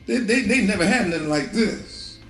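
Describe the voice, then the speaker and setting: A man preaching a street sermon, impassioned, often shouting and laughing as he swings between high and low. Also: expressive, moderate pace, roomy sound, soft background music.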